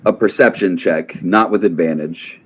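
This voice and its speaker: A man runs a tabletop game, calmly setting scenes and calling for rolls. His voice sits fairly low, and he talks in an easygoing, reassuring way. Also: moderate pace, slight background noise. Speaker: game master.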